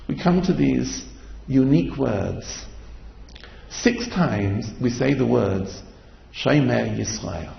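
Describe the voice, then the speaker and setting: A man's voice: medium pitch, vocal fry, roomy sound, big-room sound, dull audio. A man giving a Torah lecture as a sermon, asking repeated rhetorical questions and chanting verses. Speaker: rabbi giving a Torah class.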